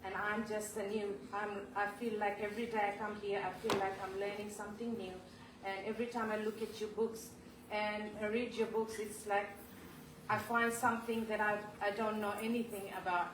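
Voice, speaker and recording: A woman speaks an emotional tribute in a large temple hall, halting and apologetic as she fights back tears. Her voice comes from well away from the mic and rings through the roomy space. Steady background noise sits under her words. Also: medium pitch. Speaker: devotee giving a homage. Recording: echoey hall, voice from far off, clear background noise.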